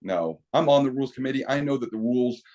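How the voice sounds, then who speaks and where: A man's voice: medium pitch, fast, a little mellow. A middle-aged man talking as a podcast guest, telling stories animatedly with many restarts. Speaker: podcast guest, equipment company owner. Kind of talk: casual interview talk.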